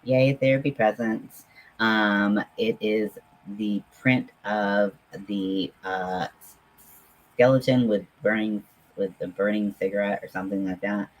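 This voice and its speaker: A man hosts a relaxed livestream from home and chats with viewers. He talks slowly and haltingly, with lots of ums, in a fairly low voice that stays friendly. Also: rough recording. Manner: halting, filler-heavy, friendly chatter. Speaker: livestream host. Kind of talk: casual livestream chat with viewers.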